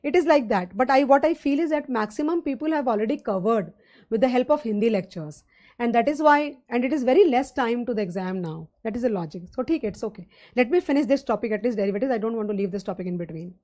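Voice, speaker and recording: Mellow-voiced Indian woman lecturing. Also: fairly high pitch, lively intonation, quick pace. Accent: Indian English. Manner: conversational, rambling teaching with fillers and rhetorical questions. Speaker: finance lecturer. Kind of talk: live online lecture.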